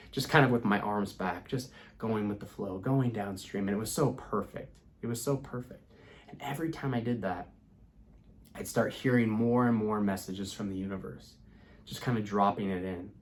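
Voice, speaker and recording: A young man hosting a spiritual self-help channel, teaching in a relaxed, casual way, full of fillers and repeated phrases. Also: on the low side, a little hiss or hum. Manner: relaxed, repeats himself, many "you know" fillers. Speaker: law of attraction channel host.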